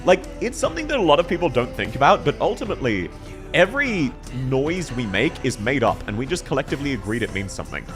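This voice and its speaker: A young man chatting with his live-stream audience as he plays, his voice climbing and dipping with lively swings. He rambles from tangent to tangent, swears freely and laughs a lot, with faint game music under him. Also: mid-range voice, quick pace. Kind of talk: casual live-stream chat while gaming.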